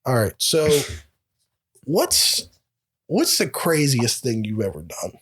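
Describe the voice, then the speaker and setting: A man's voice: mid-range voice, wildly swooping pitch, slow, a bit bright. A young man co-hosting a casual podcast, telling family stories and acting out quotes with a raised voice. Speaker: podcast co-host. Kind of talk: casual storytelling chat.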